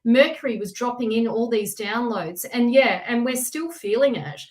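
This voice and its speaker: Chatty woman doing a live tarot stream, bit high voice, gets excited and laughs a lot, talks to viewers by name. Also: moderate pace. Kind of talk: casual live tarot reading.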